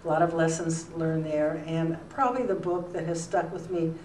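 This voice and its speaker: A woman's voice: deep voice, fairly even intonation, normal speed. An older woman talking as a retired newspaper columnist in an interview, telling rambling stories with plenty of fillers. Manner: rambling, warm anecdotes with many fillers. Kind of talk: relaxed storytelling in an interview. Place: school room. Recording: roomy, distant mic with faint noise.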